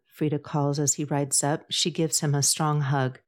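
A woman narrating a novel in a measured, even storytelling voice. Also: low voice. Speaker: audiobook narrator. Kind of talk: scripted narration.

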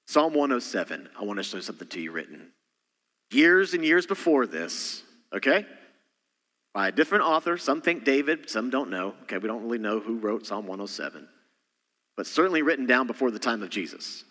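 A bright, forceful male pastor delivering a sermon, his voice ringing through a church hall with long reverb. He swings from loud, punchy emphasis down to hushed, intimate asides. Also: medium pitch, sing-song, a little fast. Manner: dynamic preaching, swings between loud emphasis and quiet asides. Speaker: senior pastor.

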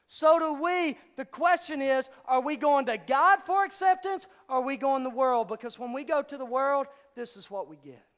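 A man preaching to teenagers, firing rhetorical questions at them and swinging from hushed intensity to shouted urgency. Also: very high voice, moderate pace, hardly any pauses, big-room sound. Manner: rhetorical questions, direct address to teens. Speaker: youth pastor. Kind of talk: sermon.

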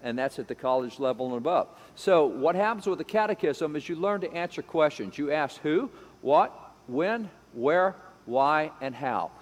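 A man's voice: a little high, expressive, normal speed. A man giving an emphatic lecture-style talk, repeating phrases and acting out the voices he quotes. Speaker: speaker on education history. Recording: long hall reverb.

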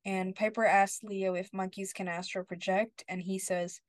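A woman's voice: mid-range voice, little pitch movement, normal speed, hardly any pauses, no echo. A woman co-hosting a podcast, casually recapping a TV episode and quoting the characters as she goes. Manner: retells scenes, quoting characters. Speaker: podcast co-host.

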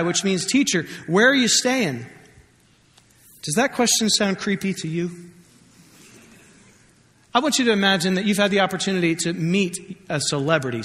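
A man's voice that sits high and a bit bright delivers a sermon as pastor. He's conversational and joking, acting out scripture quotes, and the recording carries a long hall reverb.

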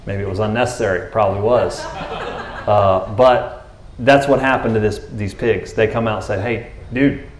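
A man's voice: fairly low pitch, normal speed, roomy sound, a little hiss or hum. A man preaching a casual sermon as pastor, chatting and joking and acting out the people in the story. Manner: conversational, jokey, acts out voices of people in the story.

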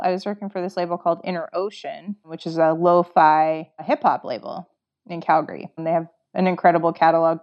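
A woman's voice: fairly low pitch, a little mellow, muffled recording. A woman from Canada, a guest in a casual interview, who tells a story in a chatty way, acts out her own past lines and says "like" often. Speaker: interview guest, record maker.

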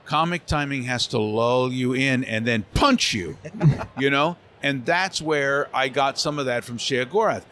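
Animated male voice actor at a convention. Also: medium pitch, a little slow, slight background noise. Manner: lively, slips into character voices. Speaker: voice actor guest. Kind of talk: animated interview storytelling. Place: convention center hall.

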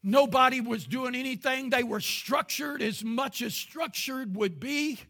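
A man, preaching a sermon as pastor with impassioned rises into shouting. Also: extremely high pitch, a little slow, gravelly.

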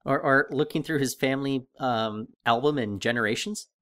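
Male podcast co-host, casual and halting, lots of ums and restarts. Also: medium pitch, a bit bright. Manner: hesitant, many fillers and restarts. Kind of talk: casual discussion.

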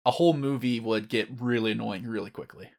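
A man's voice: mid-range voice, creaky, a little mellow. Earnest man recounting fandom on a podcast. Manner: earnest, measured, self-described fan. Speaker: podcast co-host. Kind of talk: casual movie review chat.

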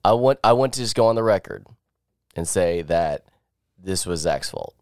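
Deep-voiced sick man joking around. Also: lively intonation, normal speed, a little mellow, clean tone, no echo. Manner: dry joking, rambling asides. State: sick, voice crackling. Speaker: podcast co-host. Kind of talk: casual chat.

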